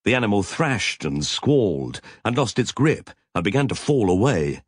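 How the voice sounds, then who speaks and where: A man's voice: fairly low pitch, big pitch swings, normal speed, husky, no echo, clean studio sound. A man narrating a science fiction audiobook in a vivid, tense storytelling manner.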